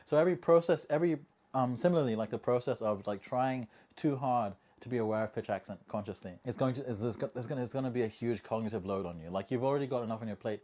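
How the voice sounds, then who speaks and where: A man hosting a casual monologue video, chatty and jokey, tossing in rhetorical asides and swinging between quiet remarks and loud bursts. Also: medium pitch, fast. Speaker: language-learning video host.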